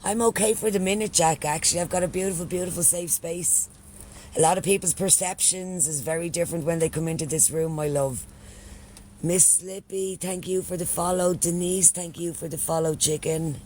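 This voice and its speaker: A man's voice: on the high side, steady tone, moderate pace, a little mellow, a little hiss or hum. An Irish man chatting casually on a live stream, swearing freely and thanking followers by name. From Ireland.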